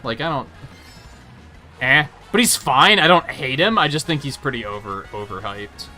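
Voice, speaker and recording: A man's voice: mid-range voice, lively intonation, moderate pace, soft background music. Ranting, profane male game streamer. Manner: ranting, profane, mocks others in loud bursts. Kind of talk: live gaming stream chat.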